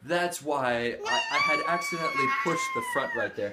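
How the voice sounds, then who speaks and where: A man's voice: very high voice, huge pitch swings, normal speed, hardly any pauses, very noisy. A man hosting a casual product review demo, chatty and playful with mock-formal jokes. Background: music from the speaker.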